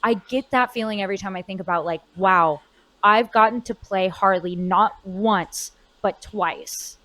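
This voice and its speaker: A woman's voice: mid-range voice, measured pace, pushed and bright, poor audio. A woman in her twenties, a voice actor chatting expressively in a convention interview, with fillers and restarts. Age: 20s. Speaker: voice actor guest.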